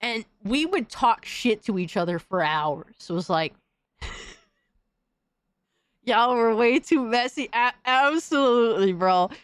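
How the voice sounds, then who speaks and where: A woman's voice: on the high side, lively intonation, measured pace, pauses often, clear, resonant tone, no echo. A woman hosting a podcast, delivering a heated, profane, slang-filled rant in casual commentary. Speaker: podcast host.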